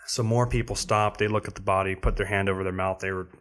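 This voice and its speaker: A man on a podcast telling a story in casual chat, acting out other people with sudden high voices. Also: steady tone, fast talker, a bit bright. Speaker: podcast co-host.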